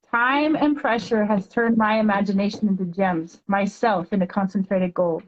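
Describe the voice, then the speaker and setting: A woman guest on a podcast, talking earnestly and reading her own poems aloud slowly and deliberately. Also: mid-range voice, fairly even intonation, highs cut off.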